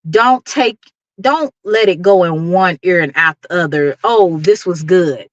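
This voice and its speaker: A woman's voice: on the low side, lively intonation, measured pace, no echo, dull audio. Preachy Texan woman chatting to her stream. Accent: Dallas, Texas. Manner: preachy, emphatic, laughs often, greets chat. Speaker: YouTube livestream host. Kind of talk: motivational livestream talk.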